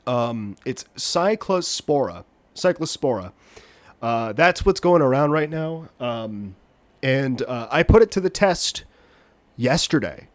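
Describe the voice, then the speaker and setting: A man's voice: medium pitch, darkish tone, no room sound. Congested man rambling through a podcast. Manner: rambling, jokey, self-deprecating. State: congested, getting over a cold. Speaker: podcast host. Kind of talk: rambling solo podcast chat.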